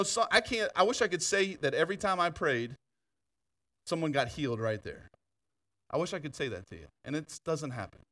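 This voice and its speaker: A man preaching in a church, telling stories with laughs and asides, then turning quieter to lead an altar call. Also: a little high, recorded from a distance. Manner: animated storytelling with laughter and asides. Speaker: pastor. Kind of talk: sermon. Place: church sanctuary.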